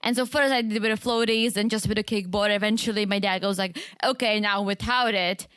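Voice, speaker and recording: A woman's voice: medium pitch, fairly even intonation, fast, fairly bright tone, clean tone, no room sound, clean studio sound. A young woman, co-hosting a casual podcast chat, restarting her sentences and laughing often. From Czech Republic. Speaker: podcast co-host.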